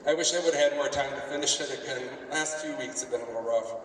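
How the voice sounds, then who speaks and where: A man's voice: mid-range voice, fairly even intonation, a bit bright, slight background noise. Rambling man in an echoey hall. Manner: rambling, jokey, acts out dialogue in quick bits. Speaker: convention event organizer. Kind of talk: casual storytelling to a live audience. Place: convention hall. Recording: echoey hall, mic from far off.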